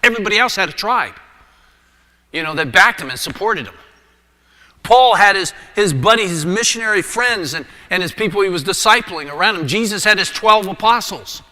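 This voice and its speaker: A middle-aged man preaching a sermon as a pastor, telling a personal story with lively energy and dropping his voice low for prayer. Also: moderate pace. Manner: animated storyteller, drops to a hushed voice for prayer. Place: church sanctuary. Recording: long church reverb.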